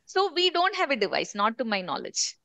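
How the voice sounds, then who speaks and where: Middle-aged female trainer, slightly high, chatty, asks the room questions, dry close sound. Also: huge pitch swings, brisk, vocal fry, sharp tone, dry recording, lo-fi sound. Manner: conversational, asks the group questions. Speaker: corporate trainer. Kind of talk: workshop talk to a live group.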